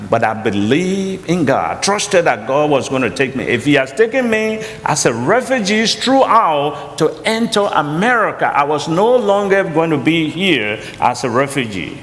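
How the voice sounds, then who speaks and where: Liberian-accented man, earnest testimony, slightly high voice, echoing chapel hall, faint background hum. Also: big pitch swings, moderate pace, hardly any pauses, a bit bright. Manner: earnest, rises high when quoting others. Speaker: college founder and chapel guest. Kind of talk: storytelling testimony on stage.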